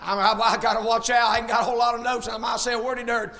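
A man preaching a fiery sermon as pastor, shouting much of it and mixing in folksy humor. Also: extremely high pitch, flat delivery, fast talker.

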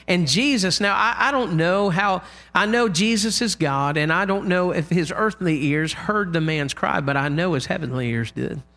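A man preaching a sermon in a church, impassioned, loudly crying out the lines he quotes. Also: high-pitched, moderate pace, few pauses.

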